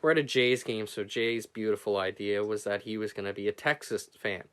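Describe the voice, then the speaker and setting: A young man, co-hosting a podcast and telling stories in casual chat, animated and swearing. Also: on the low side, fairly quick, clean tone. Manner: animated storyteller, swears, laughs while telling. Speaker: podcast co-host.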